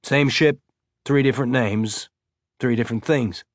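A man's voice: medium pitch, unhurried, dry recording, studio quality, natural voice. A man doing a chatty ship's pilot. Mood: musing. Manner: chatty, explaining at length. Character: talkative male ship's pilot.

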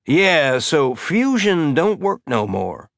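A man's voice: on the high side, sing-song, fairly bright tone, dry recording, clean studio sound, pitched above the performer's own voice, exaggerated voice. A man doing a drawling laid-back pilot. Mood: wry. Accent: Southern US drawl, put on. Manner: slow exaggerated drawl. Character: drawling easygoing male ship pilot.

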